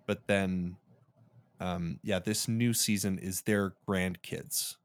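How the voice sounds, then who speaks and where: A man co-hosting a podcast, chatting casually and upbeat, often trailing off softly at the ends of phrases. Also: sits low, steady tone, slow pace, no room sound. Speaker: podcast co-host. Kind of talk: casual chat.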